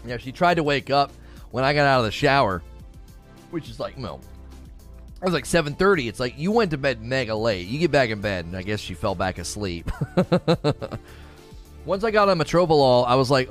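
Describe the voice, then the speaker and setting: Guy rambling on his stream, middle pitch, super animated delivery, reads chat out loud. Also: normal speed, faint music behind. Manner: chatty, rambling storyteller, reads chat aloud. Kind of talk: casual livestream chat.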